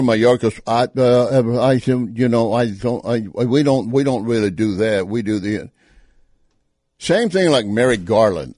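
A man's voice: medium pitch, no room sound. Man, texan accent, scornful commentary, dry close sound. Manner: sarcastic, scornful. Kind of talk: political commentary over clips.

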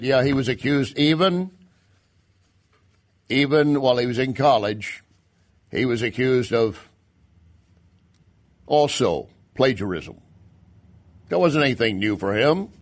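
A man hosting a political commentary show, talking in an emphatic, sarcastic way with stumbles and restarts. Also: mid-range voice. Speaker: talk show host. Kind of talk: opinion commentary.

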